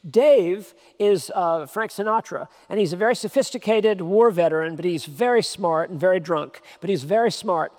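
A man's voice: high-pitched, normal speed, few pauses, a little mellow. A man preaching a sermon, emphatic, repeating key phrases for stress. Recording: long hall reverb.

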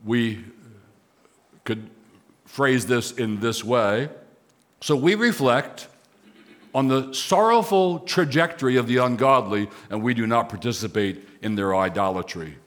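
A man preaching a sermon, moving between quiet, conversational asides and raised, emphatic declarations. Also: medium pitch, animated, a little slow. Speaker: pastor.

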